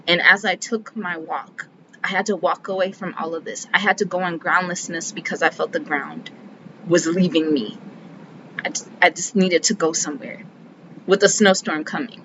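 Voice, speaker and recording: A woman's voice: fairly low pitch, sharp tone, slight background noise. Woman chatting thru a book review, earnest, kinda muffled lo-fi audio. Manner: earnest, self-talking, slows to list key terms. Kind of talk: casual book review vlog.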